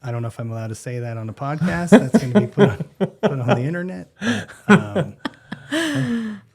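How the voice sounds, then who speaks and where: A man's voice: on the high side, normal speed, crowd noise. A man in his thirties, a gym member and podcast guest, chatting casually and laughing easily. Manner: relaxed, easygoing, laughs often. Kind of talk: casual interview chat.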